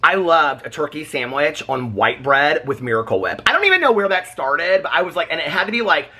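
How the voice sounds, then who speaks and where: A man vlogging in his home kitchen, chatting in a rambling, animated way and laughing often. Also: on the high side, a little fast, breathy edge. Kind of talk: casual chat.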